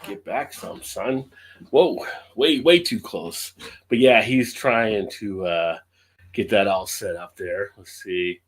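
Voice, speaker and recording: A man's voice: lowish voice, slow pace. A man hosting a casual live stream, greeting viewers by name and laughing often. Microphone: webcam close up.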